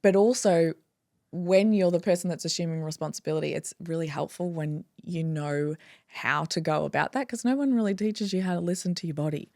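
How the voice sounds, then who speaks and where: A woman chiropractor talking in a casual interview, animated and acting out her own inner dialogue. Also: fairly low pitch, brisk, dry recording, clean studio sound. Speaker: guest, chiropractor.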